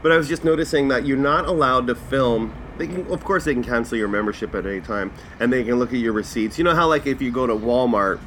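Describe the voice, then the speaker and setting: A man's voice: medium pitch, quick pace, few pauses, a little hiss or hum. A man hosting a casual comedy podcast, ranting with lots of swearing. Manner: profane, animated ranting. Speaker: podcast host.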